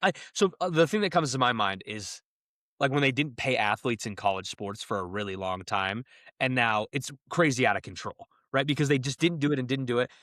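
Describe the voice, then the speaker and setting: A young man with a medium-pitched voice co-hosts a podcast, animated and quick to laugh in casual chat. The recording is studio quality with no room sound.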